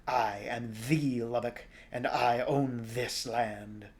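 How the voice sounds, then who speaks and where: A man voicing a slow snarling insect monster. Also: medium pitch, fairly even intonation, lightly acted. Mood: menacing. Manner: slow, drawn-out, looming delivery. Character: menacing insect-like male monster, buzzing snarl.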